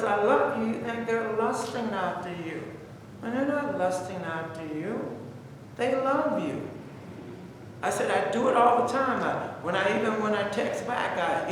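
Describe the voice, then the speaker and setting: High-voiced man teaching in an echoey church. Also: a bit bright, distant mic, slight background noise. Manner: conversational, repetitive, exhorting. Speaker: Bible study teacher. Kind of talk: Bible study teaching. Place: church room. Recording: echoey church room heard from afar.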